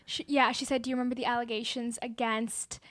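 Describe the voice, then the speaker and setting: A young woman with a high voice, talking through a film recap in a loose, chatty way. She fills her sentences with "like" and jumps in with quick agreement. The sound is close and dry. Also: flat delivery, a bit bright, dry recording. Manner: chatty, uses lots of "like", quick agreeing interjections. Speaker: podcast co-host. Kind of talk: casual film recap chat.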